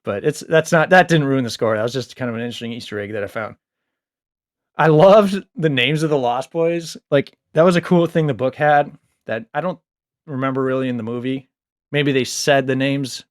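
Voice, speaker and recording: A young adult man casually reviewing a book, rambling with lots of fillers, a little low on sleep. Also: fairly quick, dry recording, studio quality. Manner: rambling, filler-heavy, animated asides.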